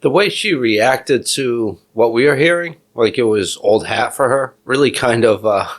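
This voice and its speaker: A man co-hosting a podcast, chatting casually in a thoughtful, measured way. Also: mid-range voice. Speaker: podcast co-host. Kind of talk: casual chat.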